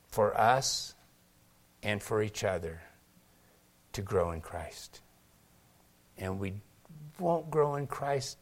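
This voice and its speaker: A man preaching a sermon to his congregation in a conversational way, calling on people by name and swinging between loud emphatic peaks and quiet, slow stretches. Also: mid-range voice. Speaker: pastor.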